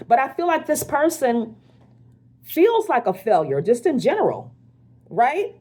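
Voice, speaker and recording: A woman's voice: on the high side, sing-song, measured pace, pauses often, darkish tone, slightly rough. A woman spiritual teacher giving a casual card reading, talking bluntly and often swearing, checking in with the listener with "okay?" and "right?". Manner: blunt and profane, with frequent check-ins to the listener.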